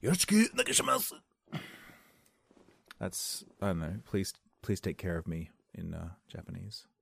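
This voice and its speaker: A man's voice: sits low, flat delivery, moderate pace, creaky, a little mellow, slightly rough. A young man hosting a casual solo podcast from a dim room at home, rambling playfully and laughing at his own jokes. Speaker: podcast host.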